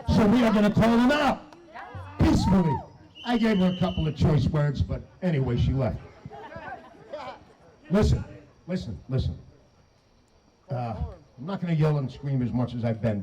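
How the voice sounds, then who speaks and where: A man giving a shouted, emphatic and profane speech to a crowd at an outdoor protest. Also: sits high, poor audio. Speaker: protest speaker. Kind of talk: rally speech.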